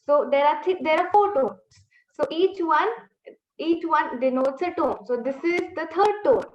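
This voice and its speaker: Woman language teacher on a video call, high animated voice, slow patient delivery, echoey dull stream audio. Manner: slow, drawn-out modelling of tones for repetition. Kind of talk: live online language lesson.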